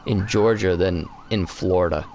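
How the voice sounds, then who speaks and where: A man's voice: low-pitched, normal speed, a little mellow. A young man co-hosting a live stream, telling rambling stories in a casual, profane chat while he plays a game. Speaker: streamer co-host.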